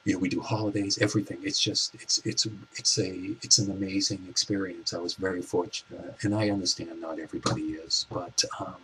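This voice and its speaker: Soft-spoken man in his forties, deep and flat. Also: slight background noise, low-quality recording. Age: 40s. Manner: soft-spoken, reflective, halting restarts. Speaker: vlogger. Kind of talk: personal storytelling.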